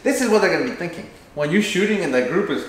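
A man's voice: high voice, big pitch swings, racing. Guy walking a buddy through a video plan, acts out the lines, super echoey room. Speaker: channel host. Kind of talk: casual planning chat. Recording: very echoey room, faint noise.

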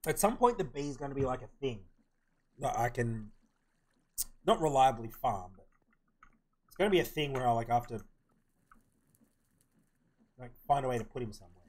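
A young man streams a game live, chatting casually and mumbling his plans to himself as he thinks aloud. His mid-range voice is slightly rough, with lively intonation, a moderate pace, and long pauses.

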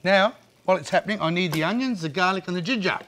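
A man's voice: high-pitched, quick pace, noisy background. A man co-hosting a cooking show, chatty and jokey as he directs his partner at the stove. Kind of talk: casual cooking demonstration. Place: outdoor cooking set with a sizzling pan.

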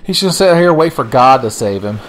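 A man's voice: medium pitch, lively intonation, fast talker, a bit bright. A young man giving sardonic, profane, rambling gameplay commentary. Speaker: let's play commentator.

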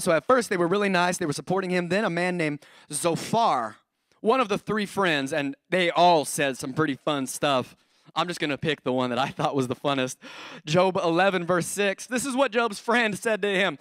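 A man in his thirties delivers a sermon with a high, bright-sitting voice, animated and playful, slipping into acted-out voices as he tells his stories. The sound is dry and close, with little room echo. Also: moderate pace. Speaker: pastor. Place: church auditorium.

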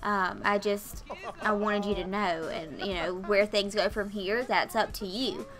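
A woman doing a calm, reassuring young man. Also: medium pitch, unhurried, crowd noise, voice pushed down, close to an everyday voice.

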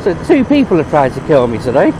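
A man's voice: fairly high pitch, huge pitch swings, fast. A young man riding a motorbike through town, swearing and ranting at other drivers in exasperated commentary. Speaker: motorcycle vlogger. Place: on a motorbike in town traffic outdoors. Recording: loud road and traffic noise.

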